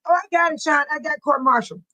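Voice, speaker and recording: A woman's voice: high-pitched, fast talker, sharp tone, poor audio. A woman hosting a casual livestream, reading news articles aloud and chatting with viewers in the comments. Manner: chatty, reads articles aloud and talks back to chat. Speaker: livestream host.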